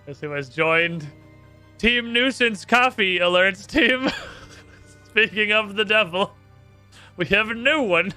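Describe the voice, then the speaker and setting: A man's voice: high-pitched, animated, takes it slowly, long pauses, pushed and bright, clean tone, soft background music. A man streaming a game live, thinking aloud in a brash, profane way. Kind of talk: live gameplay commentary.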